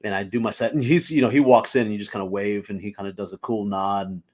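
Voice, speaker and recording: A young adult man, a stand-up comedian guest, telling casual anecdotes in an animated way, full of fillers and acted-out quotes. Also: on the low side, fast. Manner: animated, filler-heavy, acts out quoted voices.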